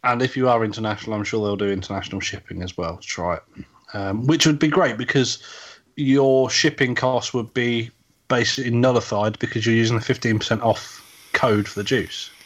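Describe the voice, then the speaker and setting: A man co-hosting a casual podcast, talking in a rambling, halting way with lots of fillers and restarts. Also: medium pitch. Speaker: podcast co-host.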